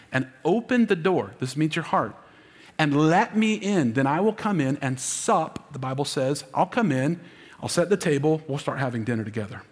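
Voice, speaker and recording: A man whose voice is a little high gives an emotional Easter sermon as lead pastor, prompting the congregation to respond aloud. The audio has a big-room sound.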